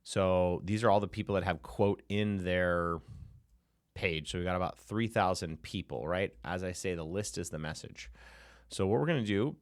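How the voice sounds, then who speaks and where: A man's voice: deep voice, normal speed, dry recording, clean studio sound. A man teaching a casual screen-share tutorial on building AI agents, chatty and hyped, with sudden playful outbursts, recorded on a desk mic in a small room.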